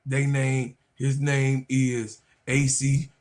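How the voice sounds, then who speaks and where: A man hosting a sports live stream in casual chat, loudly trash-talking and teasing his viewers, congested and coughing with a cold. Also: mid-range voice, monotone, very slow. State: stuffed nose, coughing from a cold.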